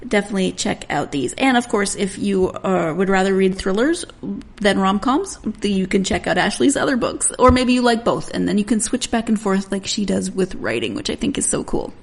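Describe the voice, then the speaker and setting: A woman's voice: mid-range voice, expressive, a little fast, vocal fry. A woman in her forties hosting a book podcast, chatting in a rambling way and laughing often. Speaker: podcast host. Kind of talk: casual solo podcast chat.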